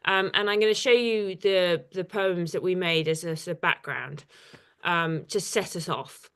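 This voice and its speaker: A woman's voice: on the low side, unhurried, fairly bright tone, clear, resonant tone. Chatty woman teaching with many fillers. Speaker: artist leading a poetry workshop. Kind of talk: informal workshop teaching.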